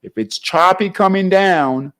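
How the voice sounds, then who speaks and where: This trading show host has a high-sitting, fairly bright voice and an unhurried delivery. Teaching a live class, he talks through the charts in a chatty way and keeps asking his audience "all right?"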